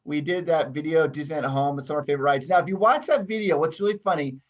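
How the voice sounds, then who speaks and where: A man from Utah, a guest on a podcast, telling stories in a lively, casual way and laughing often. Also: on the high side, rapid-fire, muffled recording. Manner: animated storyteller, laughs often.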